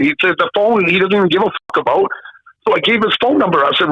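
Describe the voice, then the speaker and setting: A man's voice: high-pitched, fast, husky, dry recording. A man of about fifty from Canada, telling a story in a casual interview, swearing freely and acting out the people in it. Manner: swearing, animated, acts out the people in his story. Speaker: guest. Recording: dull lo-fi sound.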